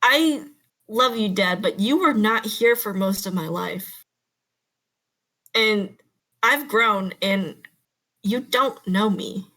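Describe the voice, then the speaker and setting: A woman's voice: mid-range voice, slow pace, pauses often, sharp tone. A hurt young man, a grown son who talks back earnestly and frankly in a tabletop game, as a woman puts him on. His voice sits in a middle range, and he sounds defensive. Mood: resentful.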